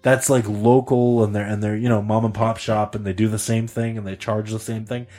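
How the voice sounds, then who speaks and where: A man co-hosting a podcast in casual chat, reacting quickly and chatting freely. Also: lowish voice, little pitch movement, warm tone. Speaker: podcast co-host.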